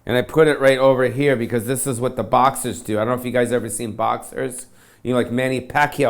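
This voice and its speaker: A man's voice: medium pitch, steady tone, brisk. A man doing a self-pitying comedic rant to camera, swearing constantly in slangy surfer-dude talk. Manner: profane, self-pitying, ranting.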